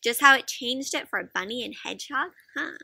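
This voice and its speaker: Bright, animated woman reading to kids. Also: on the high side, fairly quick, creaky, slightly rough, dry recording. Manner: animated, asks children questions, gasps. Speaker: children's storyteller. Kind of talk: interactive read-aloud for kids.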